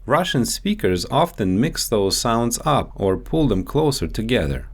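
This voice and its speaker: A man speaking as a dialect coach, giving a measured, explanatory scripted instructional voice-over. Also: medium pitch, very animated.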